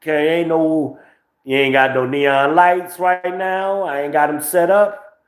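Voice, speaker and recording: A man's voice: on the high side, fairly even intonation, measured pace, reverberant. A man from New Jersey with a New Jersey accent, hosting his podcast in brash, profane, rambling talk, recorded on a phone with no microphone. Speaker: podcast host. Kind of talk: profane livestream commentary.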